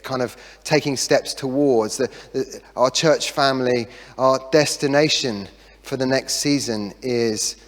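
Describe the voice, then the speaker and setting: Middle-aged pastor with a chatty, joking sermon. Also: male voice, medium pitch. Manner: chatty, self-deprecating humour, lively asides. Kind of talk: sermon with storytelling. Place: church hall. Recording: long reverb of a church hall.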